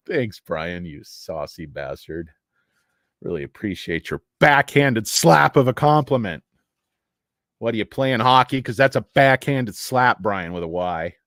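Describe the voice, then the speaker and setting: A man's voice: fairly low pitch, big pitch swings, measured pace, a bit bright, no room sound, studio quality. A man hosting a casual stock livestream, rambling and joking sarcastically as he talks to his chat from his office. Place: home office.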